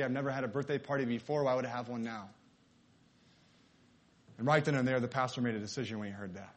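A man at a middle pitch preaches through a story. He voices each character's lines as he tells it, in a sermon style. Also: fairly even intonation, fast talker, pauses often.

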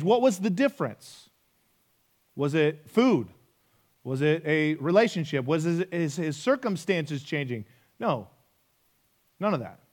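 Pastor, male, 30s, slightly high voice, emphatic sermon delivery full of rhetorical questions. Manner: emphatic, repeating key phrases with rhetorical questions.

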